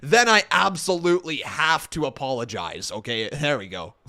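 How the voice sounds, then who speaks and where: A man's voice: fairly high pitch, normal speed. A man hosting a live watch-along stream, chatting casually and telling stories with lots of exclamations. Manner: excitable, animated storytelling with exclamations.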